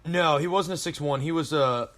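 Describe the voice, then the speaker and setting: A man's voice: on the high side, moderate pace, fairly bright tone. Rambling, profane Marine veteran man. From Colorado, USA. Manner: rambling, profane war-story telling. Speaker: podcast guest, Marine veteran. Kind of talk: casual chat.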